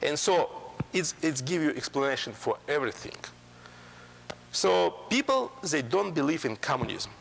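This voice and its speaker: A man giving a public lecture in halting English, with frequent ums and restarts. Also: fairly high pitch, big pitch swings, gravelly, a bit bright, in a large hall, a little hiss or hum. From Soviet Union. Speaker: guest lecturer.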